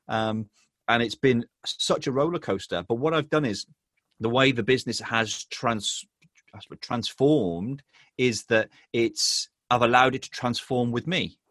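A man's voice: mid-range voice, a bit bright, no room sound. Earnest Englishman, dry close sound. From England. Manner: halting, many restarts and "um"s, earnest. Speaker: business owner guest. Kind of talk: casual interview chat.

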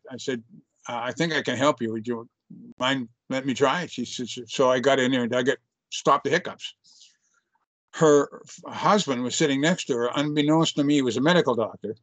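A man's voice: medium pitch, dry recording. An older man, a chiropractor, telling a story in an interview in an earnest, reflective way, often restarting his sentences. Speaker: chiropractor guest.

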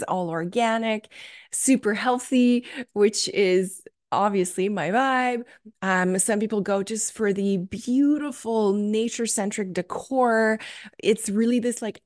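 A young adult woman hosting a solo podcast, telling a story with gushing enthusiasm and many fillers. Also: medium pitch. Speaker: podcast host.

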